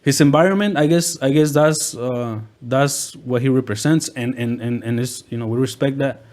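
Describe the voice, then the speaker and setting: Hesitant male rapper, halting chat. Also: medium pitch, a little mellow. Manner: hesitant, repeats words, many fillers. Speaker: guest rapper. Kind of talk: casual chat.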